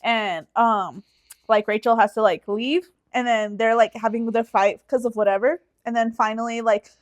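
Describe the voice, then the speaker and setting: A woman's voice: a little high, steady tone, moderate pace, dull audio. A woman co-hosting a podcast, teasing her co-host and rambling through a recap in casual chat.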